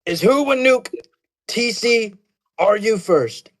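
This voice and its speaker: Brief: a man playing a bragging older politician hosting a debate; rambling, repeats himself, voice sits high. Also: lively intonation, slow. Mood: blustering. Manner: repetitive, self-interrupting, bragging. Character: blustering older male politician, boastful and rambling. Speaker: debate moderator. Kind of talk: mock debate impression.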